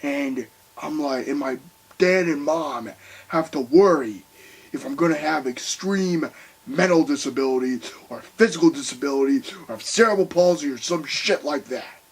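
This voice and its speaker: A young man ranting heatedly to camera, swearing often and swinging between loud outbursts and quiet bitterness. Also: fairly high pitch, normal speed, husky, poor audio. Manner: heated, swearing, voice rising and falling sharply. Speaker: video commentator. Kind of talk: angry rant to camera.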